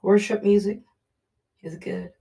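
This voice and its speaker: Brief: woman preacher, casual devotional teaching, mid-pitched, very creaky and gravelly. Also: steady tone, unhurried, mellow. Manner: earnest, repetitive, conversational preaching.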